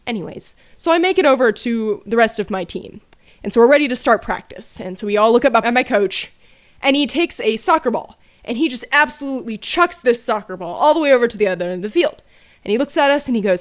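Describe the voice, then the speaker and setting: A woman's voice: on the high side, animated, fairly quick. A woman telling a casual story about her childhood with dry, self-mocking humor. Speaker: storyteller over gameplay.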